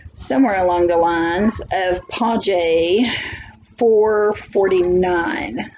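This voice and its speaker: A woman's voice: medium pitch, darkish tone, slight background noise, poor audio. A woman teacher giving a biology lesson from home, chatty, thinking aloud and asking for agreement.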